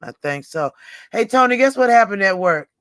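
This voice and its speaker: A woman's voice: mid-range voice, lively intonation, moderate pace, fairly bright tone, no room sound, studio quality. A woman in her forties hosting a livestream in rambling, casual chat, often laughing. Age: 40s. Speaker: livestream host.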